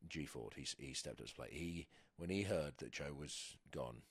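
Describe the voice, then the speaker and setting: On a casual podcast chat, an English rugby pro in his thirties speaks at a moderate pace in a very deep, husky, expressive voice. He's a guest who rambles and hesitates, filling gaps and starting sentences over. No echo.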